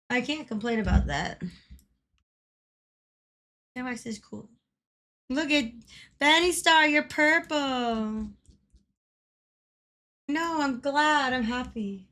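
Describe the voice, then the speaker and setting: Female streamer, high and bright, excitable and foul-mouthed, laughs a lot while commentating a live game. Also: slow pace, pauses often. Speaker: livestreamer.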